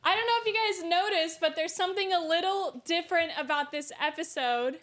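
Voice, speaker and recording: Chatty high-voiced young woman host. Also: a little fast, fairly bright tone. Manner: chatty, many fillers. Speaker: podcast host. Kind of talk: casual chat.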